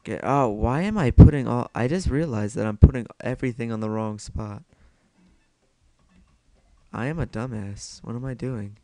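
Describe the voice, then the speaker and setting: A man's voice: medium pitch, normal speed, dark tone, dry recording. A young man giving casual solo gameplay commentary, self-mocking and swearing a lot as he mutters to himself.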